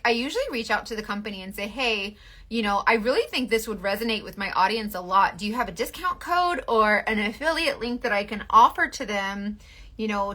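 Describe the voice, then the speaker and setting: A woman's voice: mid-range voice, bright, forceful tone. A woman, hosting a casual makeup chat in a rambling way full of fillers. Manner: rambling, filler-heavy, restarts often. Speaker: beauty livestream host.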